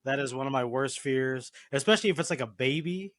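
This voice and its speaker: A man's voice: medium pitch, brisk, a bit bright, no echo. A man hosting a casual podcast chat, blunt and easygoing. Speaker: podcast host.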